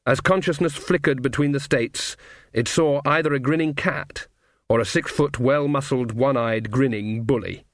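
A man reading a novel aloud as an audiobook narrator, measured and wry. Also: medium pitch, no echo, studio quality. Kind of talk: scripted narration.

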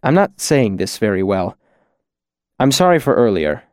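A man voicing an emotional, devoted young male apprentice who is not human, speaking in a choked, pleading, soft way. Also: on the low side, big pitch swings, moderate pace, clear, resonant tone, no echo, studio quality. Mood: earnest.

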